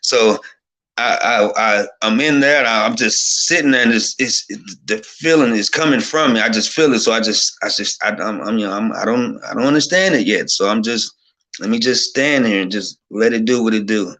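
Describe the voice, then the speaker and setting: A man's voice: lowish voice, normal speed, pushed and bright. A man telling an emotional personal testimony as a guest, fervent and overwhelmed, often restarting his sentences.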